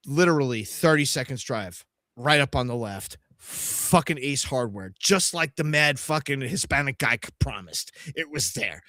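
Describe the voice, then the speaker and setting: A man hosting a live podcast, telling a trip story in a profane, animated way and acting out the other people's voices. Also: medium pitch, moderate pace, dry recording, clean studio sound. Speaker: podcast host.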